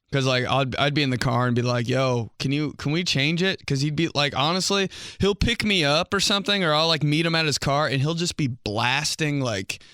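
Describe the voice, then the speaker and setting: A man's voice: fairly high pitch, normal speed, sharp tone, clear, resonant tone, no echo, clean studio sound. A young man hosting a podcast, telling comic stories in a casual monologue, laughing often and mimicking voices. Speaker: podcast host.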